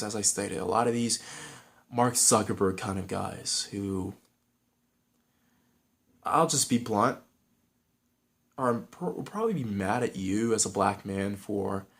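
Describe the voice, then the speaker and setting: A man with a Southern California accent giving frank, rambling advice in a casual vlog, with many restarts and fillers. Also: lowish voice.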